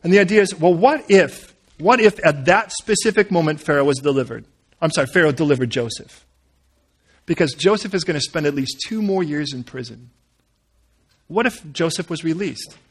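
A man preaching a sermon, telling a Bible story in an animated, humorous way. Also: fairly high pitch, moderate pace, husky. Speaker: pastor.

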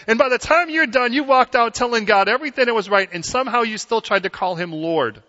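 A man preaching a sermon as pastor in a church, conversational and animated, acting out quotes in different voices. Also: high-pitched, fast talker, few pauses. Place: church sanctuary. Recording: dull sound with long hall reverb.

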